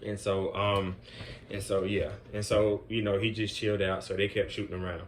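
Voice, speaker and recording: A man's voice: fairly low pitch, flat delivery, moderate pace, slight background noise. Easygoing man telling a work story. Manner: loose and conversational, with many fillers like "man" and "you know". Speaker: group home residential counselor. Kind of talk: casual storytelling vlog.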